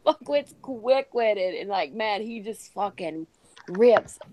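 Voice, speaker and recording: A woman's voice: mid-range voice, lively intonation, slow, very noisy. A woman hosting a crude casual chat who eggs her guest on. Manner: egging the guest on, laughing, crude. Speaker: host.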